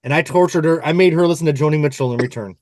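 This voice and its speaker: A man's voice: fairly high pitch, rapid-fire, darkish tone, dry recording. Rambling, playful male podcast host. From United States. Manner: rambling, playful, goes off on tangents. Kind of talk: casual chat about music.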